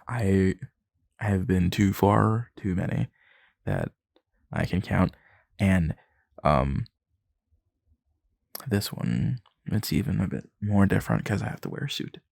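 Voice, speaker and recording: A man's voice: deep voice, vocal fry, a little mellow, no echo. A young man in an ASMR boyfriend role-play, rambling nervously, laughing and swearing as he talks into a close mic.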